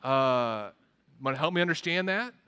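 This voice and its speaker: A man preaching, voicing a patient prophet who calmly asks a pointed question. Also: medium pitch, clear, resonant tone. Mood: probing. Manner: measured, questioning. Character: patient, probing older prophet Samuel.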